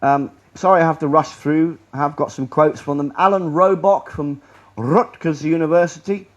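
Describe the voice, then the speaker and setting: Guy ranting through a slideshow talk, bit higher voice, keeps tripping over his words. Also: moderate pace, highs cut off. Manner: rambling, sarcastic, restarts mid-sentence. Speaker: public speaker. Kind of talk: presentation to a live audience. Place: lecture room.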